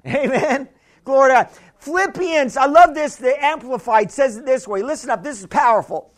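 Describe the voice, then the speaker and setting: A pastor with an extremely high-pitched, animated voice preaches a sermon at normal speed. He's chatty, laughs often, and calls out to the congregation in call-and-response fashion.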